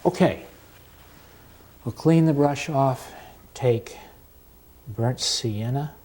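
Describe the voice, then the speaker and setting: Man, painting teacher, slow unhurried delivery, middle pitch, calm demonstration voice. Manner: slow, unhurried and calm, with pauses while working. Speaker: painting instructor.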